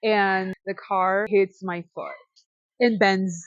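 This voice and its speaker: A woman's voice: medium pitch, fairly even intonation, slow, no room sound, highs cut off. A woman from the United States telling a travel story in a casual storytime, slangy and swearing now and then. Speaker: vlogger.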